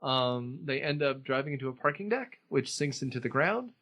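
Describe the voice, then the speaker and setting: A man's voice: mid-range voice, expressive, normal speed, fairly bright tone, poor audio. A man hosting a podcast, casually recapping a film in a rambling way and often laughing at his own jokes. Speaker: podcast host.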